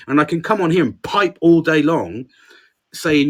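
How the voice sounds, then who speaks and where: A man with a slightly raised pitch, chatting candidly on a podcast. He swears freely and is frank about his own failings. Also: expressive, fairly quick, a bit bright. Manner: candid, sweary, self-critical. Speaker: podcast co-host. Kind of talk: casual podcast chat.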